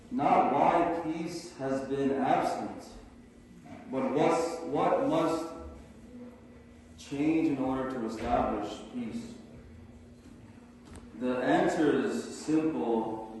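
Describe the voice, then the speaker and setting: A man giving a formal prepared speech at a symposium, earnest and measured. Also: mid-range voice, darkish tone, a little hiss or hum. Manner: measured, earnest oratory with a slow deliberate rhythm. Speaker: symposium speaker. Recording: echoey hall from far off.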